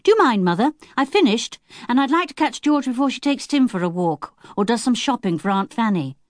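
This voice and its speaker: A woman's voice: on the high side, big pitch swings, fairly quick, dry recording, clean studio sound, pitched above the performer's own voice. A woman narrator voicing an eager, polite young schoolgirl in a children's audiobook. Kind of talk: audiobook character voice.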